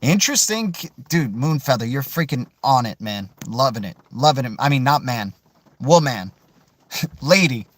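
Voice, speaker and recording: A man hosting a casual crypto livestream, answering viewer questions in an animated, emphatic way and tossing in "dude" and "man". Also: mid-range voice, normal speed, dry recording. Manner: animated, peppers speech with "right?", "dude" and "man"; emphatic, swears mildly for emphasis.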